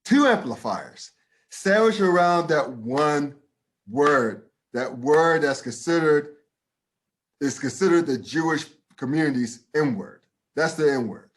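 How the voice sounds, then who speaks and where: A man's voice: fairly high pitch, expressive, slow. A man co-hosting a casual podcast, talking bluntly and emphatically, swearing freely and restarting his sentences. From United States. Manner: profane, emphatic, with many restarts. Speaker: podcast co-host. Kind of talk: casual opinion chat.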